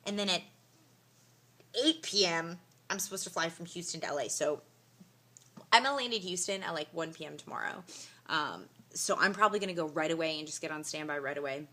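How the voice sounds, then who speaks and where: A young woman vlogging casually from a hotel room, telling a story in a tired, emotional but animated way, full of fillers like "like" and "you know". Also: fairly low pitch, a little fast. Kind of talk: casual vlog to camera.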